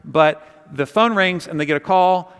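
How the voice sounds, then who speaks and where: Man preaching, lively storytelling sermon, fairly high voice, long hall reverb. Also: normal speed, smooth. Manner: animated, conversational, drops to quiet intensity. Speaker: pastor.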